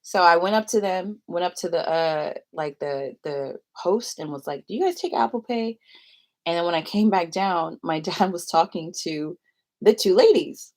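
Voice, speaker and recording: A woman's voice: fairly low pitch, a little mellow. A young adult woman telling a story to the camera in a casual, rambling way, often giggling between thoughts. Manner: chatty, rambling, quick to giggle. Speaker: vlogger.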